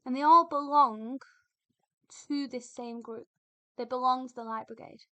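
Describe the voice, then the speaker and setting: Bright, high-voiced woman teacher. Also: fairly even intonation, unhurried. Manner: explains patiently, thinking aloud with fillers and repetitions. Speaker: English literature teacher. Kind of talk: recorded poetry lesson.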